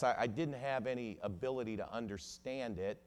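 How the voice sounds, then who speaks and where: A man preaching to a congregation, telling a long story and quoting the people in it, his loudness swelling and dropping as he goes. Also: mid-range voice, a little fast. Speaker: ministry lawyer preaching. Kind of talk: sermon storytelling.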